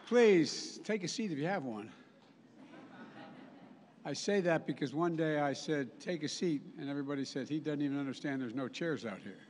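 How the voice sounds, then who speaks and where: Older male speaker, formal speech, halting and self-repeating, long venue echo. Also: fairly high pitch, lively intonation, a little hiss or hum. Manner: halting, repeats words, frequent restarts. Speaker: president giving a speech. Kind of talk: formal political speech with asides. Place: large outdoor event space.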